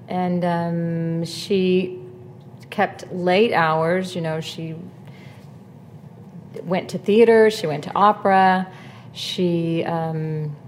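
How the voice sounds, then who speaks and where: A woman opera singer on a panel, speaking hesitantly with many pauses and fillers. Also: lowish voice, darkish tone, slight background noise. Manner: slow, hesitant, many ums. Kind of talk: panel interview.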